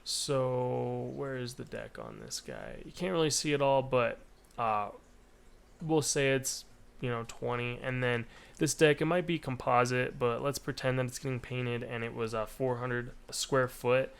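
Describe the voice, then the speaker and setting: A man's voice: medium pitch, lively intonation, a little slow, vocal fry, smooth. A man casually walking through a painting estimate spreadsheet in a screen recording, explaining step by step with frequent fillers. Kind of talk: screen-recorded software walkthrough.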